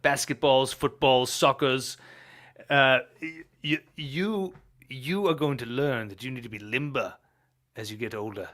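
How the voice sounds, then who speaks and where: A man hamming up a smug, self-righteous progressive who answers everything with mock-earnest conviction. His voice rings bright and cheeky, and he stammers and giggles through his own pronouncements. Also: medium pitch, unhurried, lightly acted. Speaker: comic guest character. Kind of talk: improvised comedy bit.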